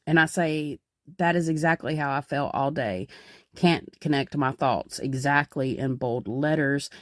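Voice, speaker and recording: A woman's voice: sits low, a little slow, dry recording, clean studio sound. A young woman hosting a podcast as a psychic medium, explaining in a rambling, casual way with many fillers.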